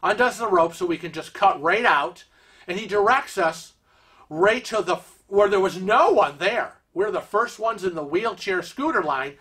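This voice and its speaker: A man's voice: high-pitched, moderate pace, slightly rough. A man hosting a cruise vlog, telling a story casually and rambling with lots of filler words. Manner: lively retelling with acted-out quotes.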